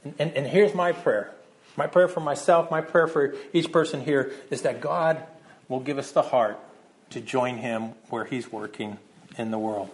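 A man's voice: medium pitch, normal speed. A middle-aged man preaching a sermon in a conversational way, often repeating words as he starts his sentences. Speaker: pastor.

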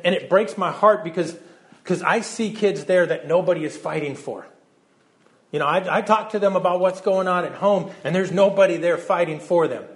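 A middle-aged pastor preaches to his congregation in a loose, conversational way, often tripping over the first words of a sentence. His voice sits a little higher than most men's. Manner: conversational, repeats words when starting sentences. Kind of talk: sermon.

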